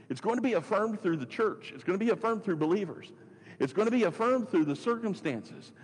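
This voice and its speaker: A man preaching with a slightly husky, breathy voice that carries a long reverb, as if in a large hall. He is earnest and asks many rhetorical questions. He often stops and restarts his phrases. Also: fairly high pitch, darkish tone. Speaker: pastor. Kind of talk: sermon podcast teaching.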